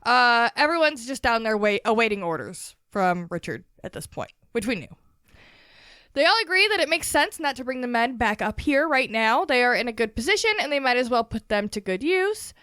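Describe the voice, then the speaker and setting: Bright, lively woman podcast co-host. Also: fairly high pitch, normal speed, smooth, no room sound, clean studio sound. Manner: laughing, rambling, swears. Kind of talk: casual chat, chapter recap.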